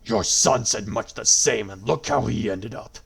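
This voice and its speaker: A man voicing a smug, scornful male god-dragon avatar with a loud, mocking, drawn-out delivery. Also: lowish voice, creaky, slightly rough, exaggerated voice.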